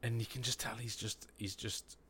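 A man co-hosting a casual podcast chat, rambling in a relaxed way and swearing casually. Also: medium pitch, moderate pace, slight background noise. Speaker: podcast co-host.

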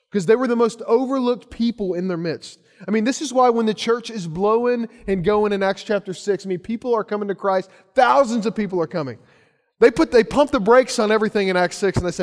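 A man preaching a sermon with a high, light voice. He speaks earnestly, doubling back on his words as he builds each point. The sound rings with the long reverb of a big hall. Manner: earnest preaching with repeated phrases and restarts. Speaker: pastor.

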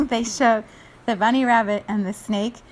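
A woman reads a children's picture book aloud in a relaxed, chatty way. She laughs often and stops to describe the illustrations between the lines of the story. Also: on the high side, normal speed.

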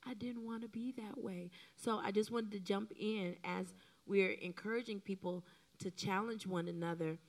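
A middle-aged woman co-preaching a sermon in an animated, emotional way, often acting out the lines she quotes. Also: medium pitch, normal speed. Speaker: co-pastor.

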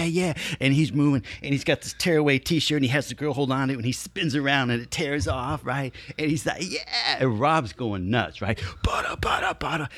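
A man in his fifties, a podcast guest telling stories in an animated way, acting out scenes with sound effects and voices. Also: mid-range voice, dry recording. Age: 50s. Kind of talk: casual storytelling.

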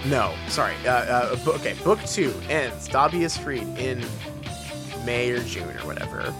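A woman's voice: very deep voice, sing-song, normal speed, music in the background. A woman co-hosting a podcast, chatting casually, rambling and correcting herself as she talks things through, and sometimes reading aloud. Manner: rambling, self-correcting, laughing. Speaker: podcast co-host.

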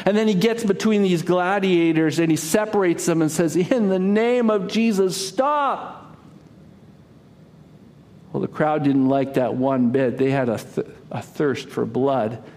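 Dramatic male preacher, somewhat high voice. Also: steady tone, normal speed, few pauses. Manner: dramatic, builds to loud cries then drops to a hush. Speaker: pastor. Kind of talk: sermon storytelling.

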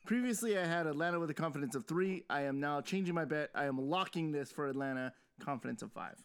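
Clear-voiced, playful man. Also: fairly high pitch, fast. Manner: playful, builds suspense. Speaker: podcast co-host. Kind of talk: casual chat.

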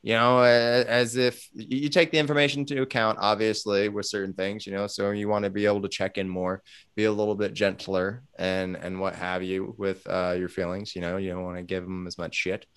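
Casual male guest, lively storyteller, smooth low voice, dry close mic. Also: a little fast. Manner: animated, swearing, acts out quoted dialogue. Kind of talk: casual chat.

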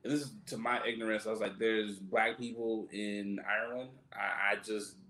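A man's voice: on the low side, fairly even intonation, sharp tone. A man co-hosting a podcast, joking loosely in casual banter and stretching his words out. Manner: loose, joking, drawn-out delivery. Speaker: podcast co-host. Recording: echoey room.

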